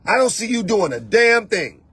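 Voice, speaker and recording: High-pitched and sing-song at a normal speed, the man sounds sharp and husky, with no room sound at all. As a spiritual coach hosting a show, he pours out an emphatic motivational monologue, repeating phrases and firing rhetorical questions directly at the listener.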